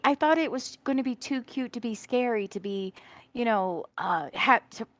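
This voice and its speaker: A woman's voice: fairly high pitch, moderate pace, no room sound. A woman co-hosting a horror podcast, chatting casually and swearing freely. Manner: animated, swears freely, laughs. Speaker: podcast co-host. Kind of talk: casual chat reviewing a horror comic.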